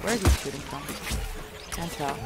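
A woman streaming a video game, chatting and reacting excitably as she plays. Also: low voice, moderate pace. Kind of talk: live gameplay commentary. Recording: game music behind.

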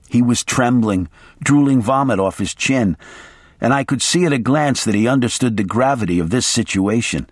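A man's voice: mid-range voice, normal speed, dry recording, studio quality. A man reading a novel aloud in the first person, wry and dramatic. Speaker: audiobook narrator. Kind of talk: audiobook reading.

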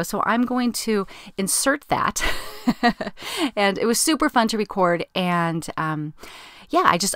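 A woman's voice: lowish voice, a bit bright, no room sound. A woman hosting a podcast, chatting casually with plenty of fillers and restarts. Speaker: podcast host. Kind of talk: casual chat.

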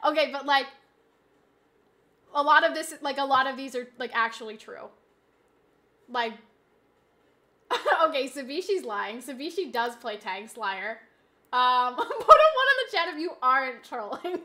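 Bright, high-voiced giggly woman streamer. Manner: giggly, chatty, talks straight to chat. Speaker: game streamer. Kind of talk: casual live-stream chat.

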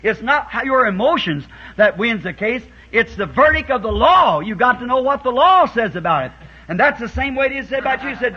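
A preacher with a very high, sing-song voice speaks fairly quickly to his congregation. Heard on a dull 1960s tape, he tells his sermon folksily, voicing characters and rising into shouts.

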